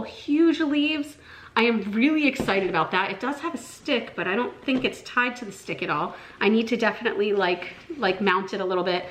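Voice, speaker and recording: A woman with a Southern American accent chatting casually in a vlog, gushing and excitable, with lots of fillers. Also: medium pitch, moderate pace, a little hiss or hum. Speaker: vlogger.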